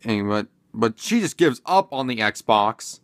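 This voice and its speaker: A man's voice: medium pitch, sing-song, unhurried, no room sound. A man casually commenting in a vlog, rambling and hesitant with many fillers and restarts. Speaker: video commentator.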